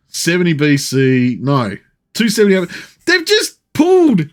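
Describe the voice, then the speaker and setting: A man's voice: a little high, huge pitch swings, measured pace. A man streaming live, ranting and swearing with frequent laughter as he comments. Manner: profane, ranting, laughing often.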